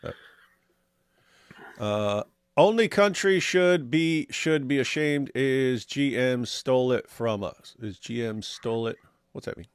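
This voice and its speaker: A man's voice: mid-range voice, slow, clear, resonant tone, no echo, clean studio sound. A man co-hosting a casual livestream, reading viewer comments aloud and answering them with sarcastic jokes. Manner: sarcastic, animated, joking. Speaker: co-host reading viewer chat.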